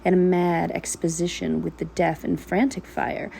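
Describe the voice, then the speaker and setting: Woman reciting poetry, gravelly and mellow. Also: fairly low pitch, flat delivery, slight background noise, rough recording. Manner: slow, emphatic recital with repeated words drawn out. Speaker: vlogger and mother of a large family. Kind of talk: dramatic poetry reading. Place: home kitchen while cooking.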